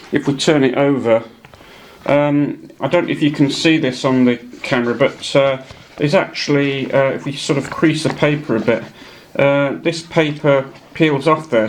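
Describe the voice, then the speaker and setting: A man giving a casual show-and-tell of his hobby models, rambling with many pauses and fillers. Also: mid-range voice. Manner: meandering, many ums and uhs.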